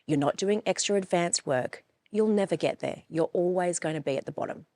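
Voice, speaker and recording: A woman's voice: lowish voice, brisk, dark tone, no echo, close to an everyday voice. Woman putting on a condescending teacher. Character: dismissive condescending school teacher.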